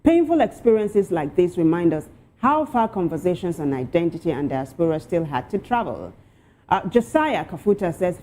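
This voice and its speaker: A woman hosting a talk show, reading out social media posts with lively asides. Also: on the low side, a little fast.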